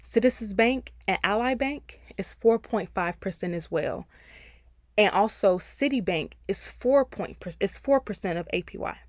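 A woman hosts a personal finance podcast in a chatty, encouraging voice, speaking straight to her listeners. Her pitch sits in an everyday middle range for a woman. The sound is dry, with no room echo. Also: animated, normal speed. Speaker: podcast host.

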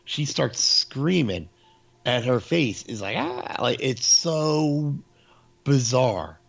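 Gravelly man telling a story. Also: mid-range voice, slow pace. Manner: animated storyteller, acts out quotes. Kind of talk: casual chat. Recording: dull lo-fi recording.

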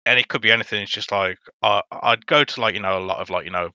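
A man as a podcast guest in casual chat, earnest and halting, full of fillers and restarts. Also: lowish voice, pushed and bright, dry recording, highs cut off.

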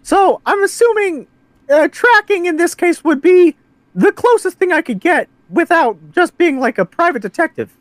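A woman's voice: very high voice, animated, normal speed, no echo. A woman playing a tabletop game, thinking aloud in a chatty, casual way. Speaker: player.

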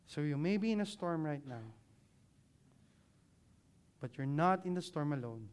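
A man preaching a sermon with slides, dropping his voice low for emphasis and leading the congregation to repeat words after him. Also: animated, measured pace, a little mellow, smooth. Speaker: pastor.

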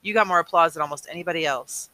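A man's voice: a little high, racing, bright, forceful tone. A man reading aloud as a friendly twelve-year-old boy who hesitates a little.

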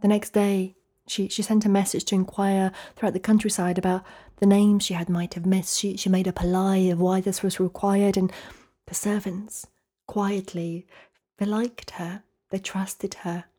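A woman storyteller telling a folktale slowly and dramatically, often dropping to a hushed whisper. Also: medium pitch, little pitch movement.

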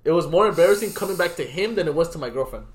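A man's voice: fairly high pitch, expressive, very fast. A young man chatting casually on a podcast, telling stories in a loose, slangy way and laughing as he talks. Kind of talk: casual chat.

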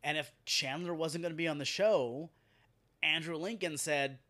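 A man hosting a podcast, ranting in an animated, profane and exasperated way. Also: a little high, normal speed. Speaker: podcast host. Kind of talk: casual podcast rant.

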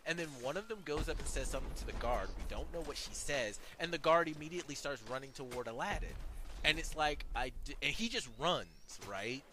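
A man's voice: on the high side, lively intonation, brisk. A man co-hosting a casual movie review chat, rambling and hesitant, often incredulous at what happened on screen. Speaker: podcast co-host. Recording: audible background noise.

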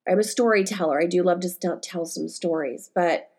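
A woman's voice: on the low side, normal speed, darkish tone, slightly rough. A woman in her forties hosting her own podcast, telling personal stories in a rambling, candid way with lots of fillers, close to tears as she talks. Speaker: podcast host and life coach. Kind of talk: casual solo podcast monologue.

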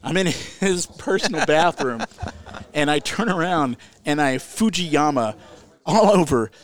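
An older man telling a long comic story in casual chat, animated, restarting his sentences and getting loud at the punchlines. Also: on the high side, unhurried.

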